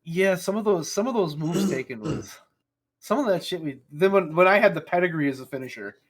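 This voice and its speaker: A man co-hosting a casual podcast chat, who swears freely and laughs through animated stories. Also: sits high, fairly quick. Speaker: podcast co-host.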